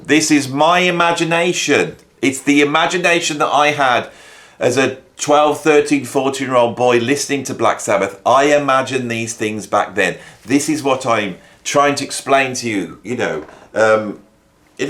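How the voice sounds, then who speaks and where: A man's voice: mid-range voice, animated, moderate pace, fairly bright tone. A middle-aged man from the Midlands, hosting a casual music commentary in a wry, rambling, mock-exasperated way. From English Midlands. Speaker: YouTube host and music educator.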